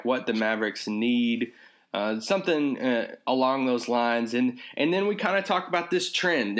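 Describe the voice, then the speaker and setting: A man's voice: medium pitch, a bit bright. Rambling male podcast host. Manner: loose, rambling with fillers. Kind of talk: casual podcast interview.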